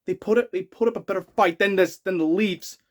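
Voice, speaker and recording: A hockey fan vlogger rants in a rambling, frustrated way, restarting and correcting himself many times. His voice sits high and runs fairly quick.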